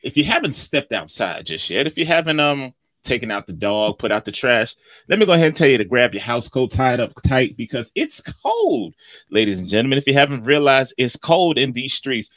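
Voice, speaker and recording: A man from Atlanta co-hosting a morning show, giving the weather in a loud, hyped-up way and calling everyone "man". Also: medium pitch, lively intonation, a little fast, no room sound. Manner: loud hype delivery, calls everyone man. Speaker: co-host doing the weather. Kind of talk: casual morning show banter.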